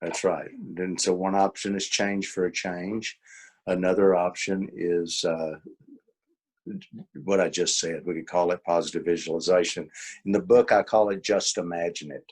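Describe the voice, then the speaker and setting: A man's voice: sits low, fairly even intonation, normal speed, a little mellow, slightly rough. A man presenting a workshop as an author, talking informally, repeating key points with emphasis and acting out quoted exchanges. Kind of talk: informal teaching talk.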